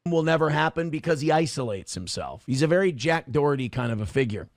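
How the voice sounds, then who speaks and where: A man's voice: fairly high pitch, animated, fast talker, dry recording, studio quality. A man co-hosting a podcast, talking in a blunt, scornful, profane way. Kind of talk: casual podcast commentary.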